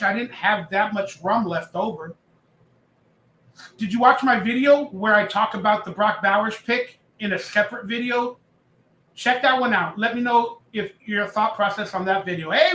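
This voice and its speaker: Man, livestream host, high voice, casual rambling chat, roomy echo. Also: sharp tone. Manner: chatty, reads chat aloud, jokes and rambles. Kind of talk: casual live-stream chat.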